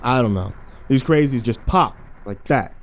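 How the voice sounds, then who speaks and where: A man voicing a burly, gruff male orderly with a deep, growling Tennessee accent. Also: expressive, normal speed, lightly acted.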